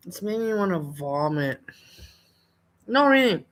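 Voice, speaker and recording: A woman chatting casually with a bright, sharp voice. She gossips with open scorn and complains about people she finds annoying. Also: mid-range voice, lively intonation, moderate pace. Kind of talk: casual chat.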